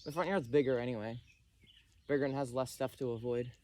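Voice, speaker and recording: A man chats into his phone out in a rural backyard, rambling from one thought to the next with a self-deprecating streak. His middle-pitched voice carries a slight breathlessness from moving the whole time. Birds and faint outdoor sounds sit quietly behind him. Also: steady tone, brisk, slight background noise. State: slightly out of breath from hula hooping. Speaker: vlogger. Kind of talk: rambling casual monologue. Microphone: phone camera.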